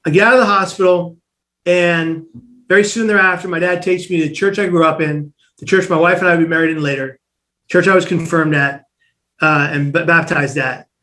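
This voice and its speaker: This fairly high-pitched man speaks fairly quickly as he recounts a personal story in an interview. He acts out the other characters' voices and keeps starting his sentences over, all very animated.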